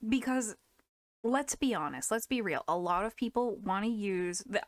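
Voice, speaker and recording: A lively woman streamer with a slightly high voice, chatting and laughing as she goes. Her sentences trail and restart. The sound is close and dry. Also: dry recording. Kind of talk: casual live-stream chat.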